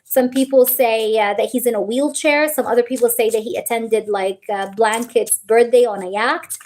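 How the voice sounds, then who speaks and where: High-voiced woman chatting on a live stream. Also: steady tone, normal speed, a little mellow. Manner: rambling, emotional, full of fillers and restarts. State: teary, tearing up. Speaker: tarot reader on a livestream. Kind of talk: live-stream chat with viewers.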